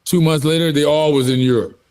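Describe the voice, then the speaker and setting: An older man, a guest in an interview, telling anecdotes in a relaxed, storytelling way and acting out the exchanges he quotes. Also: a little high, a little fast. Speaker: guest, former bodybuilder.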